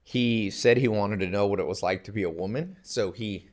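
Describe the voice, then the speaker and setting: Male podcast guest, lowish voice, punchy anecdotal delivery with frequent chuckles. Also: normal speed, a little mellow. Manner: emphatic, anecdotal, laughs often mid-sentence. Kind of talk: casual chat.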